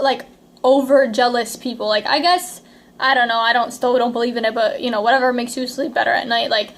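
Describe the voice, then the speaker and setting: A young woman giving frank relationship advice to camera in a chatty, casual way, with lots of "like" and "okay?". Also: high-pitched. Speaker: advice vlogger.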